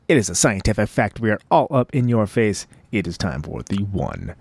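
A man's voice: on the low side, big pitch swings, measured pace, fairly bright tone, a little hiss or hum. Rambling, chatty male podcast host. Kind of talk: casual podcast intro monologue. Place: at home.

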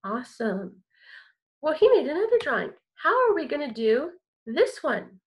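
A woman's voice: high-pitched, big pitch swings, moderate pace. A woman teaching a kindergarten music lesson online, talking to small children in a cheerful, encouraging way and keeping her words simple.

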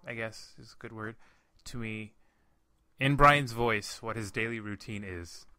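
Rambling young man with a bright voice. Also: on the low side, measured pace, clear, resonant tone, dry recording, studio quality. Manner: rambling storytelling with fillers, swearing. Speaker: podcast host. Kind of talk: casual chat.

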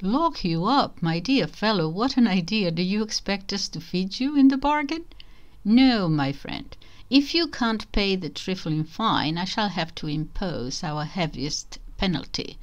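A woman's voice: medium pitch, animated, unhurried, lightly acted. A woman doing a smug uniformed official. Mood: condescending. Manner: mocking, condescending.

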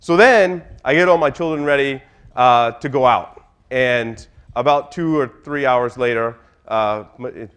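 A middle-aged man giving a humorous conference talk in a room, telling anecdotes in a loose, chatty way. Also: medium pitch. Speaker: conference speaker.

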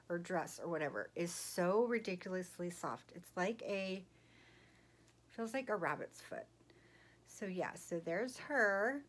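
A woman vlogger chatting casually about her gifts, gushing and giggling, sometimes dropping to a soft whisper. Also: mid-range voice. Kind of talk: casual chatty haul video. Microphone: phone.

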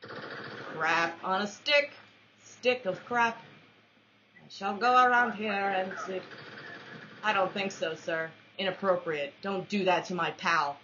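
A woman commentating her own shooter match, with playful trash talk, mock-formal quips and excitable yelps. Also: mid-range voice, slow pace, long pauses, a little hiss or hum. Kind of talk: let's-play commentary. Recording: dull lo-fi recording.

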